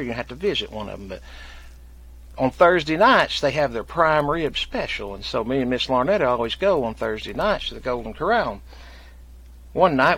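A man spins a comic yarn in a folksy rural drawl, taking on the voice of each person in the tale. His voice is bright and forceful. The sound is dry and close to the mic. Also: medium pitch, no room sound. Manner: drawling rural dialect, acts out both sides of his stories. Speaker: guest storyteller.

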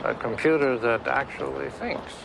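A gravelly-voiced TV drama man at an ordinary pitch, explaining a secret thinking computer with measured seriousness. The clip carries clear background noise behind him. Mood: earnest. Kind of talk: dialogue from a played TV episode clip.

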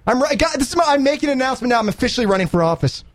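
A man hosting a morning radio show, joking and excitable in casual banter. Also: very high-pitched, very fast, no echo.

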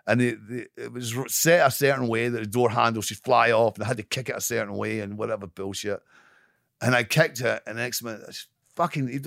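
A man guest with a gravelly, rough-edged voice, speaking bluntly and cursing freely. He stumbles and repeats words as he gathers his thoughts. The sound is dry and close to the mic. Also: medium pitch, a bit bright, dry recording. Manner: blunt and profane, swears freely; halting, repeats words while searching. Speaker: podcast guest, actor. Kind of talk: casual interview chat.

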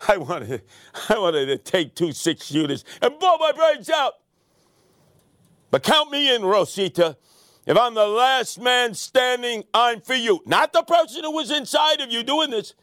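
A man's voice: high-pitched, expressive, measured pace, dry recording, studio quality. Sarcastic New man, ranting monologue. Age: older. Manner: sarcastic, theatrical, swings between muttering and shouting. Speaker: radio commentary host. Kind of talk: opinionated monologue.

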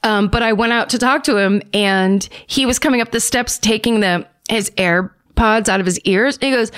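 A woman's voice: on the high side, moderate pace, few pauses, smooth. A woman in her forties co-hosting a casual comedy podcast from home, telling stories and acting out voices. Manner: animated storyteller, acts out voices. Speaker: podcast co-host.

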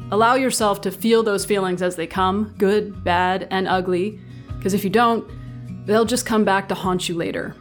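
Woman host, reflective, laughs easily, mid pitch, soft music behind. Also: fairly even intonation, normal speed. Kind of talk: casual conversation.

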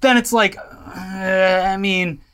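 A man with a notably high voice co-hosts a comedic news chat. He talks in a wry, hesitant way, pausing on fillers as he sums up the news. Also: fairly even intonation, sharp tone, clean tone. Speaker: co-host.

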